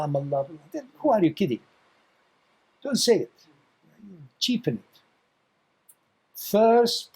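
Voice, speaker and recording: A man's voice: fairly high pitch, mellow, slightly rough, poor audio. A man giving an informal spiritual talk as a Sufi teacher, telling stories with blunt, teasing remarks and repeating words for emphasis.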